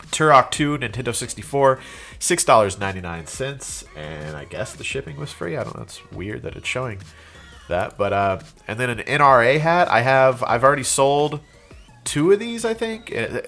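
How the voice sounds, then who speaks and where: A man's voice: mid-range voice, sing-song, normal speed, vocal fry, fairly bright tone, soft background music. A congested young man with a cold, rambling casually through a show-and-tell about things he resold, with plenty of fillers and restarts. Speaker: reseller vlogger.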